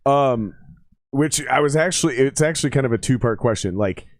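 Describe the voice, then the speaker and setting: A man's voice: mid-range voice, brisk, no echo, studio quality. A man hosting a podcast, teasing his guests in casual chat and swearing freely. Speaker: podcast host.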